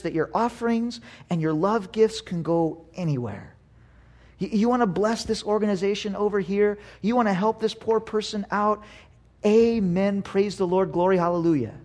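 A man, a pastor and father, preaching a sermon in an animated way, acting out quotes and swinging from loud to hushed. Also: high voice.

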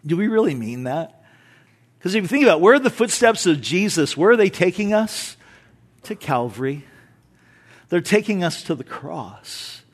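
A man with a high voice preaches a sermon, talking to his congregation like a friend. He moves from loud, emphatic lines down to quiet, low asides, and throws in rhetorical questions and a bit of humor. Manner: animated, swings between loud emphasis and soft low asides. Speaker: pastor.

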